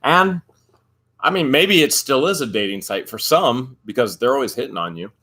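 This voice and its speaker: A man's voice: medium pitch, animated, moderate pace, sharp tone. A man co-hosting a casual live stream, reading viewer comments and trading teasing jokes with his co-host. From United States. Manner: joking, teasing banter.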